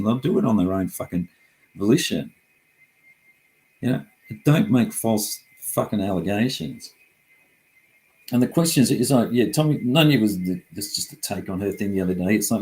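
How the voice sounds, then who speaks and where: Middle-aged man, lowish voice, heated casual rant, swears a lot. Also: normal speed, mellow, low-quality recording. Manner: frustrated, profane, rambling.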